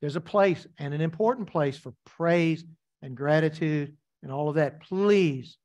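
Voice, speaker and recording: Pastor guy preaching, kinda high voice, hammers points over and over, lots of questions to the crowd. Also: measured pace, a little mellow. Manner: emphatic preaching with repeated lines and rhetorical questions. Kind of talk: sermon.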